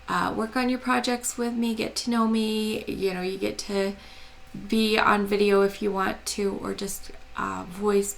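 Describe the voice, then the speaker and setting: An American woman hosting a crafting channel, chatting casually and hesitantly to camera in a soft, quiet voice with a gravelly edge and frequent ums. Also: mid-range voice, a little hiss or hum, low-quality recording. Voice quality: gravelly, slow and soft-spoken.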